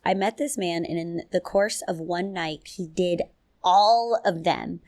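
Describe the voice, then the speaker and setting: A woman hosting a solo podcast in a casual, chatty way, with lively jumps in pitch, frequent laughs and loose slang. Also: unhurried, no echo, clean studio sound. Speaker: podcast host.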